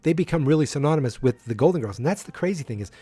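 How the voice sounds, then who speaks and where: A man's voice: a little high, expressive, rapid-fire, warm tone, husky, no room sound. Rambling man recapping an episode. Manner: rambling, many fillers and restarts. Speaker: podcast host.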